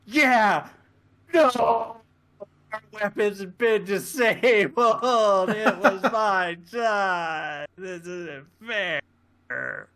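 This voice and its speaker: A man's voice: sits high, very slow, pushed and bright, pitched above the performer's own voice, exaggerated voice. A man imitating a burly male alien security officer during a podcast, eagerly begging his captain for permission. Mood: thrilled. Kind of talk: podcast impression.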